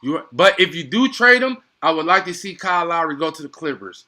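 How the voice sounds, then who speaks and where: Young male streamer, bright forceful voice, slangy and excitable play-by-play caller. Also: a little high, a little fast. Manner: excitable, slangy, chatty with viewers. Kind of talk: casual live play-by-play commentary.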